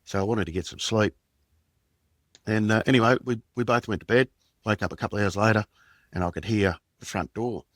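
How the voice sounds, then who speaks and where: A middle-aged Australian man with a fairly low voice recounts a personal story as a podcast guest. He speaks haltingly and reflectively, with plenty of fillers and restarts. The sound is dry, with no room echo. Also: fairly bright tone. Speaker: podcast guest, former police detective.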